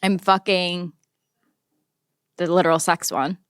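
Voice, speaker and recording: A woman's voice: fairly low pitch, steady tone, takes it slowly, fairly bright tone, clean tone, no echo, clean studio sound. A young woman co-hosting a podcast in casual chat, playful and teasing, breaking into laughs. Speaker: podcast co-host.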